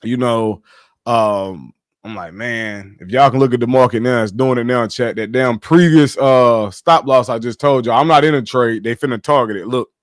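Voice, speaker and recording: Animated slangy man telling a story. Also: mid-range voice, normal speed, no room sound, clean studio sound. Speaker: livestream trader telling his story. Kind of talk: casual livestream chat.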